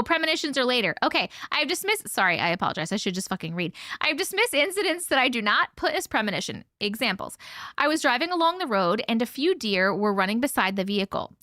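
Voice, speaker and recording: Woman host, chatty livestream story reader; bright, lively voice, dry close sound. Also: on the high side, no room sound. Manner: chatty, laughs often, swears casually. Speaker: host reading viewer stories. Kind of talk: casual livestream chat and story reading.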